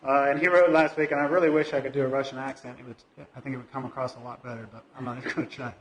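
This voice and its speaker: A man's voice: mid-range voice, little pitch movement, very fast, highs cut off. A man giving an informal talk from the pulpit of a church, musing aloud with many fillers and restarts. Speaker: lay speaker at a church service. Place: church sanctuary. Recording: echoey church hall.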